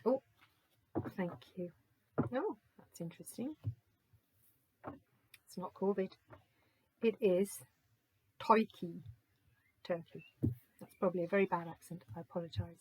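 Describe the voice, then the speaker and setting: A woman giving a gentle, musing oracle card reading, slowly reading out card texts and reflecting on them. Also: on the low side, slight background noise, low-quality recording.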